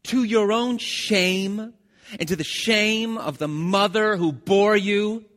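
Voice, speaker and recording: Man putting on a raging king, slow, booming, higher-pitched, forceful. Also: big-room sound. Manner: slow, loud, booming reading. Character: furious accusing king, older man.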